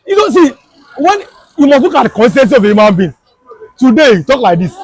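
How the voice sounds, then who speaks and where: A man's voice: very high-pitched, very animated, fast, husky, no echo, poor audio. A Nigerian man with a Yoruba accent giving impassioned street political commentary, emphatic and repetitive in a preachy way. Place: outdoors on a Lagos street.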